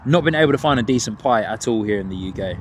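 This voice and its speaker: With a fairly low, expressive voice and a quick delivery, this man streams plane-spotting live from beside an airport. He jokes around with viewers and laughs frequently while a cold morning wind and outdoor ambience fill the background.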